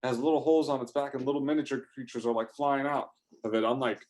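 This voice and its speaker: A man spins an improvised first-person adventure story at an ordinary, mid-range pitch. He rambles and restarts, piling on fillers as he excitedly relays each twist. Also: normal speed.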